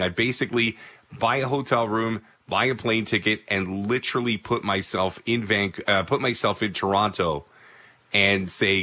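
A man in his thirties, a baseball broadcaster, telling a personal story in a casual, animated way. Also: fairly low pitch. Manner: animated, energetic anecdote telling.

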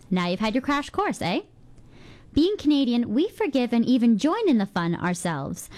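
A woman presents a scripted radio segment with a playful storytelling touch. Her pitch rises and falls in an animated sweep, landing at a moderate, middle height.

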